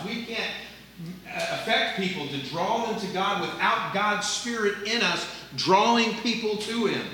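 An older male pastor preaches with a bright, slightly raised voice. He leans hard into emphasis, then drops into soft, quick asides. The sound is roomy and a little distant, as if caught from across a sanctuary. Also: high voice, slight background noise. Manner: earnest preaching, swinging between loud emphasis and soft asides. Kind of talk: sermon. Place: church sanctuary. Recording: echoey room, voice from a distance.

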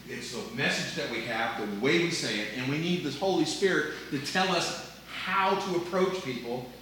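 An older man preaching a sermon, earnest, moving between loud emphasis and quiet asides. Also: a little high, moderate pace, slight background noise. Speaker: pastor. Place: church sanctuary. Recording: echoey room, voice from a distance.

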